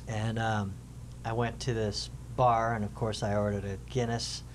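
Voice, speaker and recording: A man in his fifties, a podcast co-host, telling a lively anecdote in casual chat. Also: fairly low pitch, a little slow, a little hiss or hum. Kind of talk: casual storytelling.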